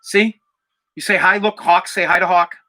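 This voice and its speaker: A man hosting a podcast, delivering a heated, profane rant that sometimes rises to shouting. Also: high voice, fairly even intonation, normal speed. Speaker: podcast host. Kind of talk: ranting podcast monologue.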